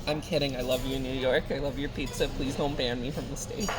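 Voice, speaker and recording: A woman's voice: very deep voice, fairly even intonation, normal speed, over music, low-quality recording. A woman bantering playfully with her partner, teasing and joking. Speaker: vlogger's partner. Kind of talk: casual banter.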